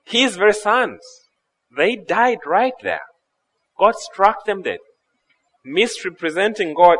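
A man preaching a sermon, retelling scripture stories with lively acted-out dialogue and occasional laughs at his own retellings. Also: on the high side, rough recording. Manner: animated storytelling, acting out dialogue.

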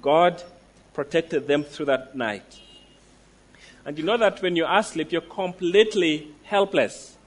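A man preaching a sermon, emphatic, slowing down to stress declarations and asking the listeners direct questions. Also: fairly high pitch.

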